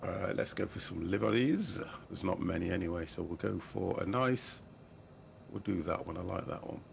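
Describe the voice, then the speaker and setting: Chatty man, gravelly low voice. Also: moderate pace, a little hiss or hum. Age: 50s. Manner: chatty, laughing often, animated storytelling. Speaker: livestream host. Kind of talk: casual chat while gaming.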